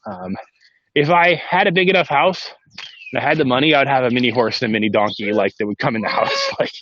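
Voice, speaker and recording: A man's voice: medium pitch, huge pitch swings, quick pace, a bit bright, lo-fi sound. A man hosting a casual live-stream podcast from inside a vehicle, chatting in a rambling way and talking to his kids between points. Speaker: podcast host.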